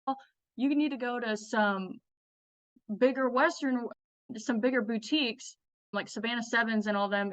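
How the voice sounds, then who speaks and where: A young woman guest telling her story in a casual interview, blunt and energetic, laughing often and close to tears. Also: medium pitch, no room sound, muffled recording. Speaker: guest, clothing designer.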